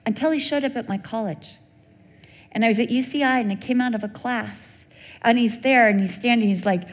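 A woman preaching a sermon, telling stories in an animated way and acting out the voices of the people in them. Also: a little high, a little fast. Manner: animated storytelling, acts out quoted voices. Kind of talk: sermon with storytelling. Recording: long hall reverb.

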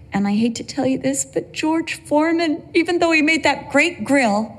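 A woman's voice: sits high, slightly rough. An older woman preaching a sermon, emphatic, with humorous asides.

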